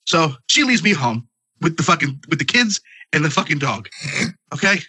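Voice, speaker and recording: Brief: male podcast host, animated swearing storyteller, dry close sound, congested. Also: fairly high pitch, moderate pace, husky, dry recording. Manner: profane, rambling comic storytelling. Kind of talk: casual podcast chat.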